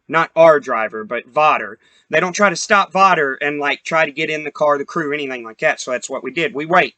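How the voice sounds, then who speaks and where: A man's voice: a little high, fairly quick, few pauses, pushed and bright, no echo. Young guy on a podcast, heated and cussing, rambly, dry close mic. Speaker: podcast host. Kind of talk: casual storytelling rant.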